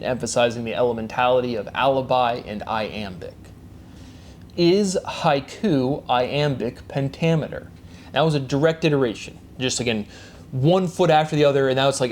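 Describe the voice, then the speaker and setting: A man's voice: medium pitch, a little mellow, a little hiss or hum. A man giving a rambling solo monologue, speeding through repeated catchphrases and invented words, with frequent restarts. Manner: fast, repetitive wordplay with frequent restarts and coined words; chanted catchphrases. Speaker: solo presenter.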